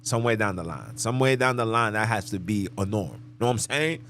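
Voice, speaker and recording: A man's voice: fairly low pitch, animated, fast talker, a bit bright, a little hiss or hum. Man preaching on a podcast. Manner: emphatic and preachy, repeats phrases. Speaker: podcast host. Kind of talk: live podcast monologue.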